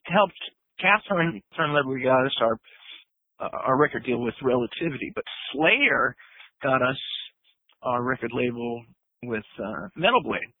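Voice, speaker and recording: A man telling a lively story as a guest musician, laughing and swearing as he acts out what others said, on a phone line. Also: mid-range voice, moderate pace, slightly rough, no room sound. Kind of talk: animated storytelling.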